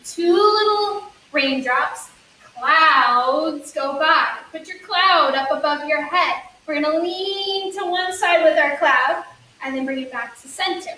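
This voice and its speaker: A woman with a high, pushed, bright voice runs a children's story yoga session. She reads a counting story in an encouraging sing-song, sprinkling in playful sound effects, while the distant mic picks up room echo and faint hiss.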